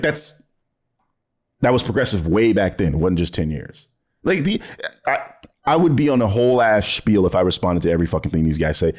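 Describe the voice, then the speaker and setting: A man reacting to a video, sarcastic and exasperated, swearing often and laughing in disbelief. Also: medium pitch. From United States. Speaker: commentary youtuber reacting to a video. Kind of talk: reaction commentary, casual and profane.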